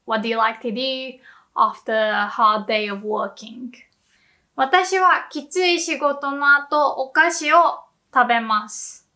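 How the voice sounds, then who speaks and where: A woman's voice: high voice, unhurried, bright, forceful tone. A woman giving a casual language lesson, chatty and giggly, explaining words through everyday examples. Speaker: Japanese language teacher.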